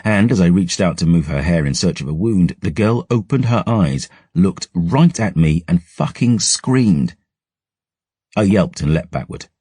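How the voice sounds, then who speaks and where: Deep husky male audiobook narrator. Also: animated, unhurried, mellow, dry recording, clean studio sound.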